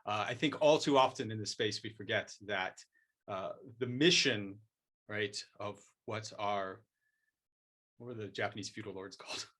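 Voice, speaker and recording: Man doing a grave, self-important martial arts master, soft-spoken and measured, with a bright, forceful edge to the voice. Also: fairly low pitch. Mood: lecturing. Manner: mock-solemn, measured, hushed delivery. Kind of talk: improvised comic role-play.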